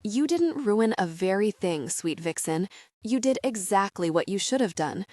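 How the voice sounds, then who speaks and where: A woman reading as a gentle, commanding male lover. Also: expressive, moderate pace, dry recording, studio quality, natural voice. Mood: tender. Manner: low, soothing.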